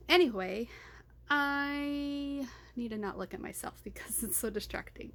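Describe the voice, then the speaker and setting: A woman records an unedited personal video diary, talking straight to the camera. Her voice sits a little high for a woman. She wanders off topic, stops herself mid-thought and laughs easily as she goes. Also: measured pace, fairly bright tone. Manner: distracted, rambling, laughs often. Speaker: vlogger.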